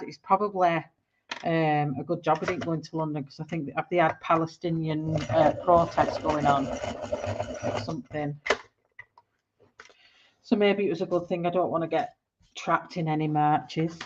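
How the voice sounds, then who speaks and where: Low-voiced chatty woman in her forties. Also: muffled recording, background noise. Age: 40s. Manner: chatty and rambling, laughs often. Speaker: art livestreamer. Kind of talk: casual chat while colouring on a live stream.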